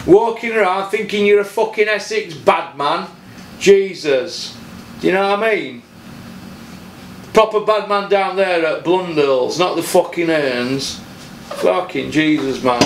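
A man's voice: sits high, a little slow, reverberant, a little hiss or hum. A man from South Yorkshire with its accent, hosting a boxing channel and ranting bluntly with heavy swearing, repeating points for emphasis. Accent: South Yorkshire English. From Doncaster, South Yorkshire, England. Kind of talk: solo boxing opinion rant.

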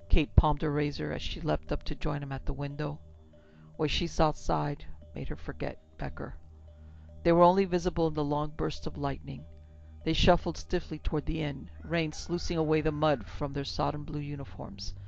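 A woman narrating a horror story in a steady, dramatic storytelling manner. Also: low voice, moderate pace, vocal fry. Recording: dull lo-fi with faint music.

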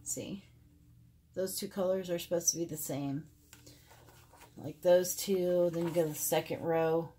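A woman's voice: on the low side, fairly even intonation, unhurried, pauses often, warm tone, a little hiss or hum. A middle-aged woman chatting casually to her viewers as she compares two makeup palettes, rambling with many fillers. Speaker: beauty vlogger. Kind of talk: casual makeup review to camera. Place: home filming room.

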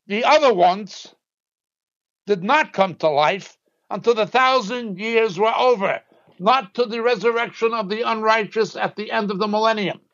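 High-pitched man preaching emphatically. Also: dull audio. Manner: emphatic, insistent preaching with sharp drops in pitch. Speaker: Bible teacher. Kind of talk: sermon.

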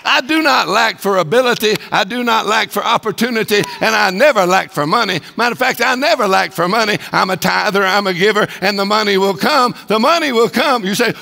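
A man preaching a sermon as a guest speaker, emphatic and building to shouted declarations. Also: sits high, fairly quick, creaky, few pauses, in a large hall, soft background music.

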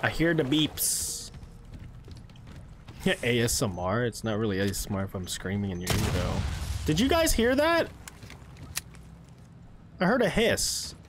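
An excitable man commentating his game on a live stream into a close microphone, his pitch bouncing up and down. He talks casually with his viewers and bursts into swearing and yelling when startled. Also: moderate pace, noisy background. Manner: chats with his chat between gameplay. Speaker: streamer playing a horror game. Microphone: streaming microphone close to his face.

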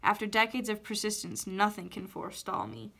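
A woman's voice: mid-range voice, very animated, brisk, pushed and bright, exaggerated voice. A woman voicing a wounded, scheming witch in a storybook reading, coaxing and haughty by turns.

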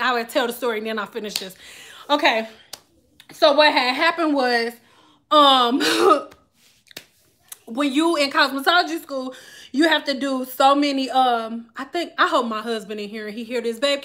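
A woman vlogger telling a story to her viewers in a candid, animated, profane way. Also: high voice. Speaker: vlogger and hair stylist. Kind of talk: casual storytelling to camera.

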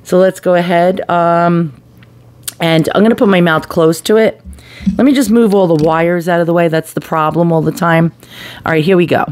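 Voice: medium pitch, steady tone, normal speed, pauses often, a little mellow. Chatty, blunt voice testing a mic. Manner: chatty, blunt, swears casually. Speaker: product reviewer. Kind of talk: casual microphone test demo. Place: at home near household appliances. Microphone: desktop USB condenser mic, distance changing.

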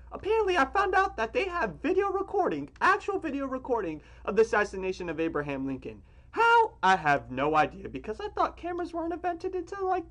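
A young man hosting a reaction video from a small room at home, loud and excitable, full of slang. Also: extremely high pitch. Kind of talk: casual reaction commentary.

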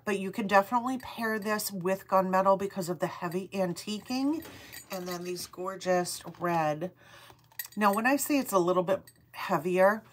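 Husky-voiced woman hosting a live jewelry sale. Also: on the low side, a bit bright. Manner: chatty, upbeat, calls out item numbers. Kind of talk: live shopping stream chat.

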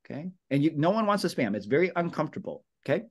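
This coach's voice is a little high and fast as he runs a training talk for real estate agents at a team meeting. He keeps it casual and lively, hammers his points repeatedly, plays out sample calls, and says "guys" and "brother."

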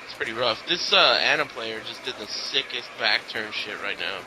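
A man's voice: medium pitch, animated, normal speed, noisy background. A man co-hosting a casual chat, teasing and swearing freely. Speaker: co-host. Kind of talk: casual chat over match footage.

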